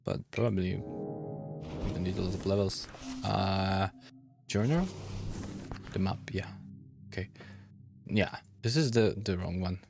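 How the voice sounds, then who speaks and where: A young man with a delivery, commentating a game and reading its text aloud, thinking out loud and laughing often. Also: low voice, measured pace, pauses often, faint music behind. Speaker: gaming YouTuber. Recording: gravelly voice over faint game ambience.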